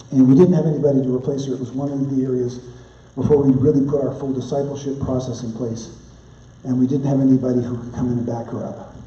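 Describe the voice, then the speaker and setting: A man speaking as a pastor, giving a conference teaching talk and telling stories with lively asides. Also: mid-range voice, echoey room, far from the mic, lo-fi sound. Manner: animated storytelling with asides.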